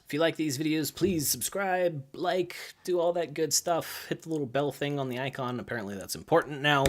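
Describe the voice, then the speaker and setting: A young adult man who coaches gymnastics chats casually to the camera about his coaching. He's lively, full of fillers, and voices the kids' lines in a higher pitch. His delivery is brisk, with slight background noise.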